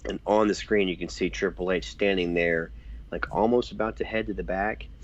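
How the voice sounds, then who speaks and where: Low-voiced male co-host, lively storyteller, lo-fi podcast sound. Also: moderate pace. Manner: animated retelling, acts out quotes. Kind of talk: casual chat recapping wrestling. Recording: dull lo-fi recording.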